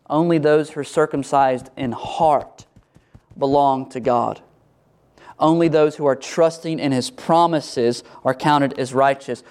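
A middle-aged man delivers a sermon as pastor. He preaches with animation and acts out the voices of biblical figures and church members. His voice sits a touch above the usual male pitch. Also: slow pace, darkish tone.

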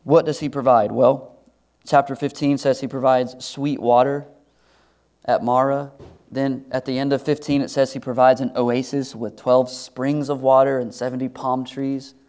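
A man's voice: mid-range voice, little pitch movement, normal speed, darkish tone. Earnest male pastor preaching. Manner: earnest, conversational preaching with rhetorical questions. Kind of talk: sermon.

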